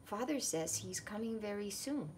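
A woman's voice: medium pitch, expressive, normal speed, a little mellow, slight background noise, pitched above the performer's own voice, natural voice. September, a woman doing a playful boy. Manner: playful, bossy.

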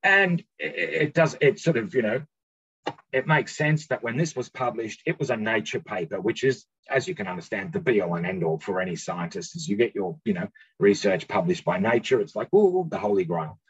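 A man's voice: fairly low pitch, fairly quick, fairly bright tone, husky. An Australian man giving an informal, explanatory science lecture over a video call, often checking in with the audience. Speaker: guest researcher giving a lecture. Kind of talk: slide-based science talk. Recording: dull lo-fi video call audio.

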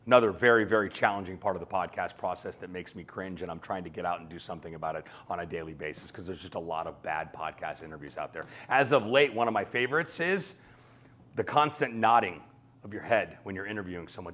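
A man teaching podcasting to an audience, talking fast and lively and acting out little exchanges. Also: medium pitch. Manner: fast, animated, acts out quoted exchanges. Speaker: podcast coach. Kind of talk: energetic talk to an audience.

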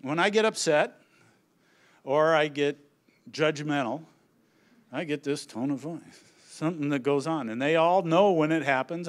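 On a conference stage, an animated, higher-voiced man gives a humorous presentation to an audience about children's ministry. He tells stories vividly, acting out the lines of his family members.

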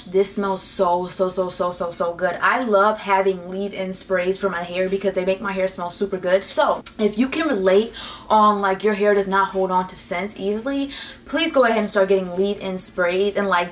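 A teenage girl chats through a hair-care haul. She gushes and repeats herself, piling up excited praise in a loose, casual way. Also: mid-range voice, slight background noise. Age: teens. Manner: gushing, chatty, repeats herself. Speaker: beauty vlogger.

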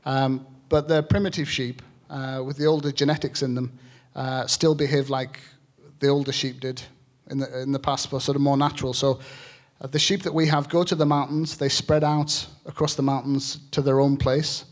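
A man from England's Lake District, an author speaking on stage at a live event, talking in an earnest, halting way with many fillers. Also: medium pitch, flat delivery. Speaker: author and shepherd guest speaker. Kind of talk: public talk with reading and Q&A.

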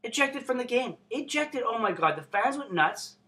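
A young man from Canada vlogging casually, excitable and swearing constantly. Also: extremely high pitch, normal speed. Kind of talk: casual unboxing vlog.

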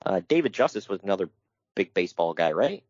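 A man's voice: sits low, big pitch swings, fast talker, a little mellow, slightly rough, no echo, highs cut off. A man co-hosting a casual podcast, reading from his notes and riffing on them with wry asides and frequent laughter. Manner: wry, laughs often, reads notes then riffs. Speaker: podcast co-host.

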